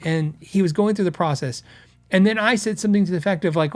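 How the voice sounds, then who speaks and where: A man's voice: a little high, quick pace. A man hosting a podcast, talking casually and rambling with restarts as he reads out viewer comments. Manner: conversational, rambling with restarts and acted quotes. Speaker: podcast host. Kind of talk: casual chat.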